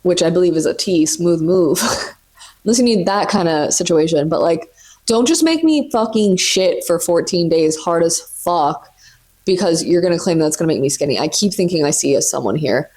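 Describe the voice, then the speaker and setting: Expressive and on the low side, her darkish voice moves at normal speed. She's a podcast host in her twenties recording a casual solo episode from the floor of her home, chatty and profane and scattering "like" everywhere.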